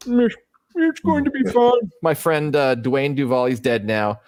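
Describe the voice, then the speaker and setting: A man's voice: on the high side, expressive, unhurried, darkish tone, slight background noise. A middle-aged man hosting a casual live stream, thinking aloud as he works, rambling with fillers. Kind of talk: casual livestream chat while working.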